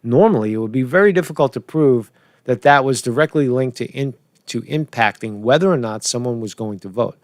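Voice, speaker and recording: A man's voice: medium pitch, animated, fairly quick, no echo, studio quality. A man rambling through political commentary in a casual vlog, swearing, chuckling and restarting his sentences while he keeps asking "right?".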